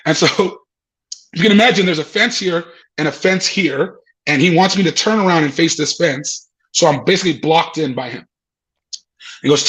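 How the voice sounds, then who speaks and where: A man with a fairly high voice tells a story to podcast hosts, swearing freely. He laughs between lines and acts out the people in it. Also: normal speed, fairly bright tone, low-quality recording. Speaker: comedian guest. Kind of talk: animated storytelling.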